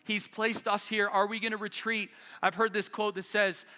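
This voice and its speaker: At a South Denver church service, a man preaches with passion, urgently rallying his congregation onward. His voice sits high and sharp with little pitch movement, moving at a moderate pace, and a long reverb tail trails after it.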